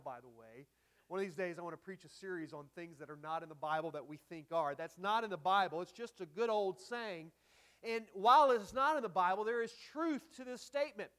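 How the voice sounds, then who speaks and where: A man with a notably high voice delivers a sermon from the pulpit. He talks in an easygoing, conversational way, dropping in asides. He punches up quoted lines with emphasis. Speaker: pastor.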